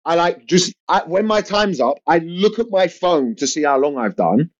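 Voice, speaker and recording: A man's voice: fairly high pitch, moderate pace. A young male comedian spins a rambling tale in loose podcast chat. He stumbles over restarts and fillers as he goes. The sound is a bit dull and lo-fi. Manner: rambling, animated storytelling with lots of fillers and restarts. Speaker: comedian guest. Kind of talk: casual anecdote on a podcast. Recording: dull lo-fi audio.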